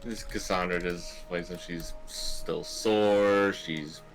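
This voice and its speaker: A man's voice: low-pitched, fairly even intonation, takes it slowly, music in the background. A man playing a tabletop game, talking in a dry, laid-back way. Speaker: player. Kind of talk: tabletop role-play chat.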